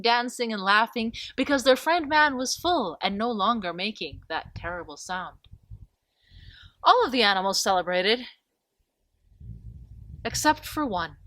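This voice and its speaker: Animated woman storyteller. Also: on the high side, dry recording. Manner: expressive, dramatic storytelling. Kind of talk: spoken folk tale narration.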